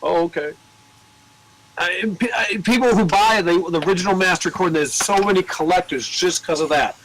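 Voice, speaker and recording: A man working in a record store, telling cursing, animated stories in casual chat. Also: high-pitched, a little fast, a crowd in the background, poor audio. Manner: profane, animated storyteller.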